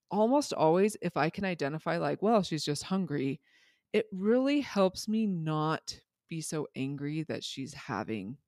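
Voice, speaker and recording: A man's voice: fairly high pitch, no room sound, studio quality. A man co-hosting a parenting podcast, talking things through reflectively with everyday examples. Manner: reflective, explains with examples and asides. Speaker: podcast co-host. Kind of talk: casual parenting podcast chat.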